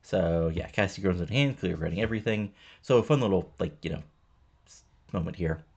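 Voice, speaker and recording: Gravelly fast-talking man narrating a game. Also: deep voice, darkish tone. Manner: rambling, many fillers, reads out characters' lines in his own voice. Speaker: host narrating a wrestling simulation playthrough. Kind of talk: casual let's-play narration.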